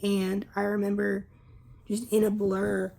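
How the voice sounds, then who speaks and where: Young woman, husky, dark-toned, candid halting storytelling, casual swearing. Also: mid-range voice, completely flat delivery. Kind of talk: personal storytelling vlog. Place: Lancaster area.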